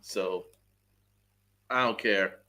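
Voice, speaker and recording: A man's voice: lowish voice, very slow, sharp tone. Angry man ranting on a sports podcast. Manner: angry, profane, venting; reads chat messages aloud. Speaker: podcast host. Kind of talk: live-stream sports rant.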